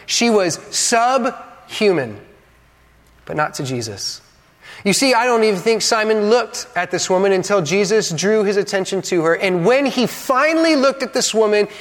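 A man, a pastor, preaching a sermon with dramatic pauses, acting out the quotes and adding joking asides to the congregation. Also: high-pitched, a bit bright. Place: church hall. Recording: long reverb of a large hall.

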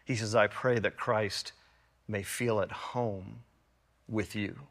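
A man preaching a sermon as pastor, swinging from loud, high storytelling to quiet, reflective questions. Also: slow pace, long reverb tail. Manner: animated storytelling, rising loud and high in anecdotes, dropping soft for reflection.

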